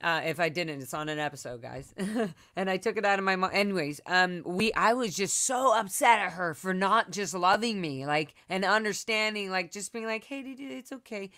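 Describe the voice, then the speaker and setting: A woman's voice: mid-range voice, lively intonation, normal speed, bright, forceful tone. A young woman hosting a casual video chat, telling stories in an emotional, rambling way and swearing freely. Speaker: podcast host.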